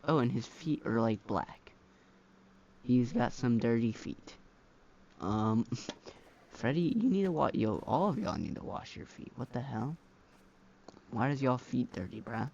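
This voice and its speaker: A man narrates a game-mod review in loose, slangy commentary full of fillers. His voice has a gravelly fry at a middle pitch. The recording sounds dull and lo-fi. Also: expressive, unhurried, long pauses, darkish tone, a little hiss or hum. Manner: rambling, filler-heavy, slangy. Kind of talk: casual gameplay commentary. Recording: dull lo-fi mic.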